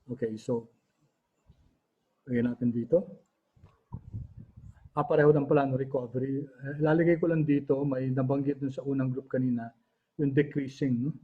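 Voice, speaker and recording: A man with a Filipino accent teaching an online class, switching between languages and pausing often with fillers and throat clearing. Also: mid-range voice, steady tone. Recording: dull lo-fi audio.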